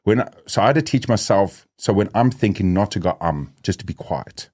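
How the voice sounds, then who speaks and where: A middle-aged man hosting a podcast, with a very low, deep voice. He keeps it chatty and loose, thinking aloud with fillers and restarts along the way. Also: brisk, darkish tone, husky. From South Africa. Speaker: podcast host. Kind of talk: casual podcast conversation.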